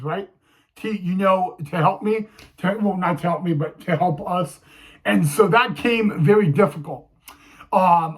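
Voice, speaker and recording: A young man telling a personal story to camera, halting, with many fillers and restarts. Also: high voice, fairly bright tone, low-quality recording. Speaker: vlogger.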